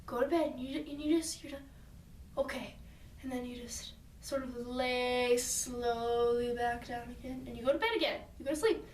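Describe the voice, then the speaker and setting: A high-pitched woman chats through a story in a loose, rambling way, stringing thoughts together with little asides. Her voice sits back from the mic and rings around a roomy space. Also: normal speed, a little mellow, distant mic, a little hiss or hum. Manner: chatty, rambling with many "like" and "and so" asides. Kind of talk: casual storytelling to a friend. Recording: roomy sound from away from the mic.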